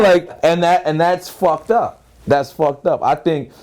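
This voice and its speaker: A man's voice: fairly high pitch, moderate pace, hardly any pauses, a crowd in the background. A man, telling stories in an interview in a loose, profane way and acting out both sides of each exchange. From Queens, New York. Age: 30s. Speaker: rapper and interview guest. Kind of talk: casual storytelling interview.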